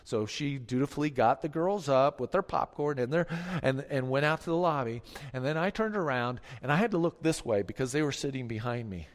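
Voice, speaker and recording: Middle-aged male pastor, mid-pitched, preaching in a big echoing sanctuary, dropping to hushed tones then driving points home. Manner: storytelling preacher, swings from hushed to forceful. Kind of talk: sermon.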